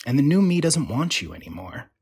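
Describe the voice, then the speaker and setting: A man voicing a sleepy young woman who dismisses her partner in a flat, yawning way. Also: mid-range voice, fairly quick, husky, full character voice. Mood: dismissive.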